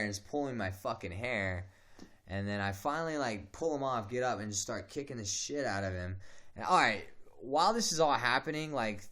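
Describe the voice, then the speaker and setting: A young man telling a story from his teens in a casual, profane, animated way, acting out the quotes. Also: fairly low pitch. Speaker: streamer. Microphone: home streaming mic.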